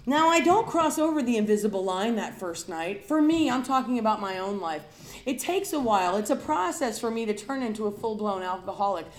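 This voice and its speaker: Animated and a little fast, this woman's mid-range voice echoes in a roomy space as she recounts her struggle with alcoholism and her recovery. Her confessional talk to the audience is candid, and she turns dramatic and emphatic while playing her past self.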